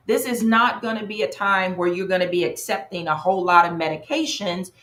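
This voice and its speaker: A woman's voice: fairly low pitch, fairly quick, reverberant. A woman from North Carolina, hosting a live online workshop and chatting with viewers by name. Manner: lively, chatty, greets viewers in the chat by name. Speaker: workshop host and coach.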